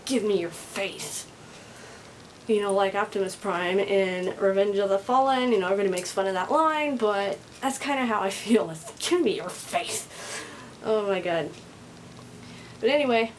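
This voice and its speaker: A woman vlogging to camera while overstimulated, talking louder than usual in a rambling way that sounds angry and on edge. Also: medium pitch, a little hiss or hum, poor audio. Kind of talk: casual vlog monologue to camera.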